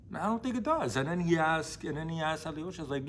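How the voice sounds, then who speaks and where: A man's voice: a little high, expressive, fairly quick, hardly any pauses, a little hiss or hum. Young man, casual book vlogger, street-slang delivery, blunt and emphatic, swears freely. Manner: slangy, profane, emphatic storytelling. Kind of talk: casual retelling and commentary.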